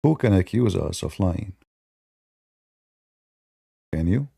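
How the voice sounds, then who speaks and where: Gravelly guy ranting sarcastic, broken english grammar, mocking tone. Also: low voice, expressive, takes it slowly, dark tone, dry recording, studio quality. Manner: non-native English grammar. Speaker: online debater. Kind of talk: polemical monologue.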